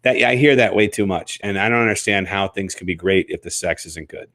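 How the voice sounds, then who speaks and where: A man co-hosting a podcast, explaining at length with many fillers and restarts, his voice rough from sickness. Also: low-pitched, a little fast, fairly bright tone, no echo, studio quality. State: sick, rough voice. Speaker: co-host. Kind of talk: casual podcast chat.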